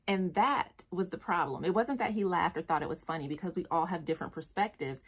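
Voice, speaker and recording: A young woman vlogger giving blunt, exasperated commentary about dating, with slang and profanity. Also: fairly low pitch. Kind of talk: direct-to-camera commentary.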